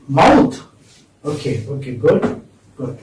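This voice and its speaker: A man's voice: medium pitch, very animated, slow, a little mellow, slight background noise. A man with an Indian English accent lecturing a class of students, repeating words and prompting them with questioning hums. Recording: echoey classroom, distant mic.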